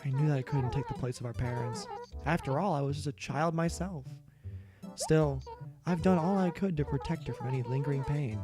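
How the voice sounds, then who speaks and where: A man voicing a gentle, shy female hedgehog seamstress in a video game, with a sweet, soft, tender manner. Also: fairly high pitch, a little fast, over music, lightly acted.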